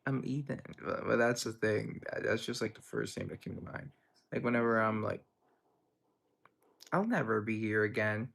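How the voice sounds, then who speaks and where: A man's voice: lowish voice, normal speed, vocal fry, long pauses, a bit bright. A young man hosting a livestream, reading chat messages aloud and answering them in a rambling, playful way. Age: young adult. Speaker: livestream host.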